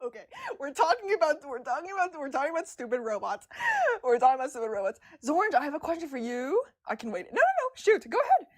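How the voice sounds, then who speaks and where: A woman streamer chatting casually with her viewers, excitable and stumbling over her words with a stutter. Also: high voice, fast talker. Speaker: streamer discussing comics with chat. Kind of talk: casual livestream chat.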